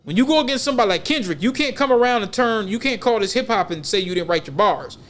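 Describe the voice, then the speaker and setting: High-voiced man rambling on a podcast. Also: expressive, fast talker, a bit bright. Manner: loose, rambling and emphatic, with slang. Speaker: podcast co-host. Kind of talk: casual podcast chat.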